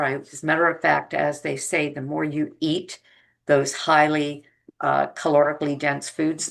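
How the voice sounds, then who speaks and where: An older woman speaks slowly in a low, gravelly voice, musing aloud to her viewers. She rambles and restarts her sentences often, with plenty of ums along the way. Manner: rambling, warm and reflective, with frequent fillers and restarts. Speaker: vlogger. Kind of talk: casual vlog monologue.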